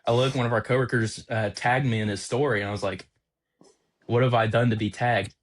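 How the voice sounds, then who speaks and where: Young man, podcast co-host, animated storytelling, exasperated, mid-pitched voice. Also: fairly quick. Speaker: podcast co-host, automotive technician. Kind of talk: casual storytelling chat.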